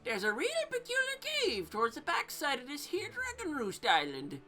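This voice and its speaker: A brash talking fish who heckles and bosses everyone around, pitched high and pushed loud, his bright sharp voice jumping up and down, as a woman puts him on. He sounds like a condescending game character with faint music playing under him. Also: wildly swooping pitch, moderate pace, full character voice. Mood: bossy. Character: brash pushy male talking fish, gruff.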